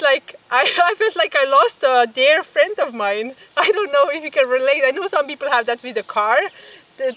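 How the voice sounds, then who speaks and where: A woman's voice: high voice, sharp tone. A woman photographer telling a story to the camera outdoors by a bog, giggling often as she talks. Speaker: photographer and vlogger. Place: outdoors by a bog, with bugs around. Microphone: camera mic, filmed outdoors. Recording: voice a bit distant from the camera mic.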